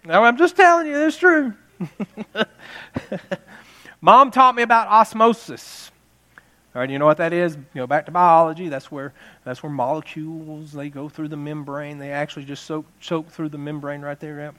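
A man's voice: on the high side, moderate pace, pushed and bright. A man in his fifties preaching a jokey Mother's Day sermon, telling family stories and laughing at them. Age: 50s.

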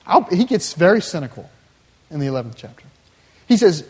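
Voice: medium pitch, very animated, brisk, a little mellow, husky. A preacher delivering a sermon, emphatic and building through repeated phrases. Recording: long hall reverb.

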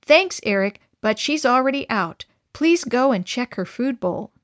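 Brief: woman reading a busy mom in a children's story, brisk and firm, a touch higher, dry close sound. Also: expressive, no room sound. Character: busy mother scolding her two boys.

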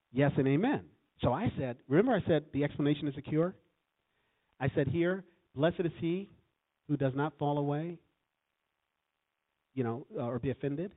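A man preaching in a church in a lively sermon, calling out lines for the congregation to finish. His voice sits a little high and swings widely in pitch. The sound is thin and phone-like. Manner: lively, calls for congregation responses. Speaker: guest preacher.

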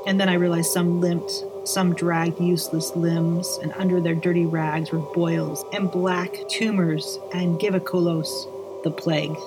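A woman narrating a dark first-person story in a measured, dramatic reading. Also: fairly low pitch, little pitch movement, music in the background. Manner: measured, slowing on dramatic lines.

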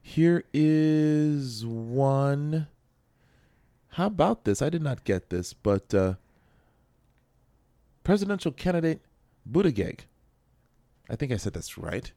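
A man's voice: mid-range voice, sing-song, moderate pace, gravelly, pauses often, warm tone, no room sound, studio quality. A man co-hosting a podcast, chatting loosely through the news with a rambling, jokey manner. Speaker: podcast co-host. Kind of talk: casual news chat. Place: local radio studio.

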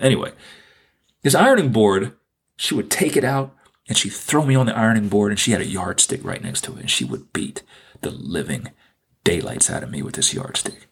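A man with a low, gravelly and slightly husky voice, speaking as a podcast host. He tells a personal story earnestly and reflectively, often repeating phrases for emphasis. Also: very animated, fairly quick.

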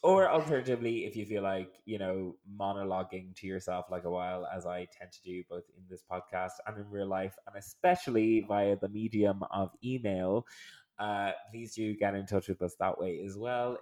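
A man's voice: fairly low pitch, normal speed, darkish tone. A man co-hosting a podcast in casual chat, rambling and laughing often. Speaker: podcast co-host.

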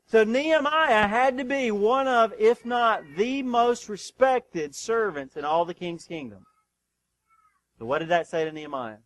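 A pastor's sermon from a man with a high-pitched voice, delivered emphatically and full of questions aimed at the congregation. He surges into loud, urgent runs, then drops to a hushed, deliberate hush. The sound is close and dry. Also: no echo, low-quality recording. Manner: emphatic, swings between urgent and hushed, calls for "Amen?". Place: church sanctuary.

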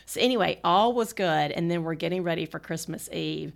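Gravelly low-voiced woman podcast host. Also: a little fast. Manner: animated, laughs often while telling stories. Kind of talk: casual conversational storytelling.

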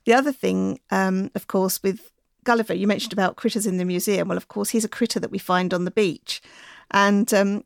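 A woman talking casually as a guest on a podcast, explaining things in a relaxed, friendly way. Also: mid-range voice, a little fast, creaky, no echo, studio quality. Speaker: bird enthusiast guest.

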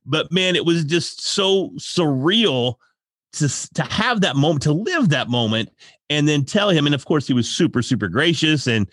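A man telling a story in a casual podcast chat, animated and emotional, laughing often. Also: a little high, moderate pace, dry recording, clean studio sound. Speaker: podcast guest.

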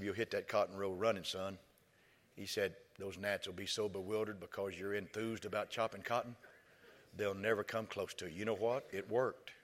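A man, preaching a sermon as pastor. He tells stories and rises to impassioned shouts. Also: lowish voice. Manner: storytelling, rising to impassioned shouts. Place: large church hall. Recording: reverberant church hall with soft music.

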